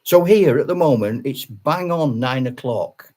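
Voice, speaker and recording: A man's voice: medium pitch, animated, a little slow, few pauses, darkish tone. An older retired man, a channel host, chatting casually on a live stream, rambling with restarts and laughing often.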